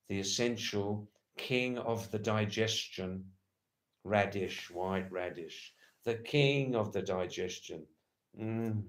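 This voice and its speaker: A man chats on his livestream, answering viewer comments at a very slow, easy pace. His voice sits at an ordinary middle pitch, and he rambles playfully, repeating words and phrases as he goes. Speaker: livestream host. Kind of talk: casual livestream chat reading viewer comments. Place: lives in Nepal.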